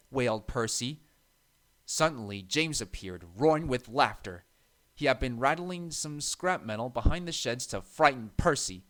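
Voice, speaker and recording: A man narrating a children's train story in an even, measured reading. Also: medium pitch.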